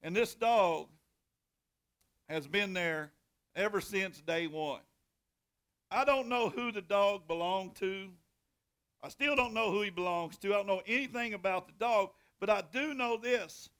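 A middle-aged man, a pastor preaching a sermon in a folksy storytelling way, drawing out scripture readings slowly and bursting into loud hollers. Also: high-pitched. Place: church sanctuary.

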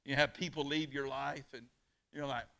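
A man preaching a sermon in church, calling on the congregation to answer back and swinging from hushed, close lines to loud declarations. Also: medium pitch, fairly even intonation, normal speed, gravelly. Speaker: pastor. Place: church on a weeknight.

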